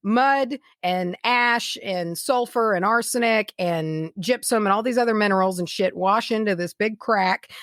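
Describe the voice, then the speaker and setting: A woman's voice: mid-range voice, dry recording, clean studio sound. A woman co-hosting a casual podcast, rambling through an explanation with many fillers and restarts. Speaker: podcast co-host. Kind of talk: casual chat.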